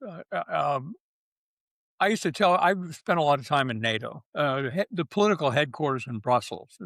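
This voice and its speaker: A man's voice: medium pitch, a bit bright, dry recording. An older man, a retired general, speaking bluntly and emphatically in an interview, with short punchy phrases. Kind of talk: candid interview talk.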